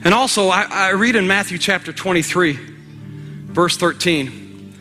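A male pastor preaching a sermon with emphatic exhortation, sometimes rising to a shout, in a church. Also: high-pitched, a little slow, soft background music. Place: church sanctuary.

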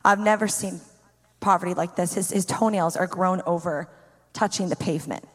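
A woman pastor telling a personal faith story in an animated way, with lots of "like" fillers. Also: fairly low pitch, normal speed, in a large hall. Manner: animated storyteller, heavy use of "like".

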